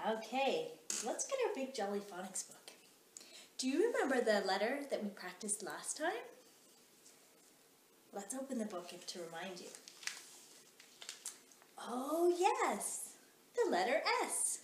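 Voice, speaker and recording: A woman's voice: a little high, very animated, a little hiss or hum. Sing-song kindergarten teacher woman. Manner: slow, encouraging, sing-song teacher talk. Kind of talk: children's phonics lesson. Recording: echoey room.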